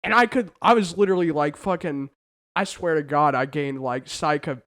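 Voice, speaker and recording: A young American man co-hosting a casual podcast, telling an animated story with lots of swearing and acted-out quotes. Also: on the high side, normal speed. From United States. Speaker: podcast co-host. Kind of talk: casual chat.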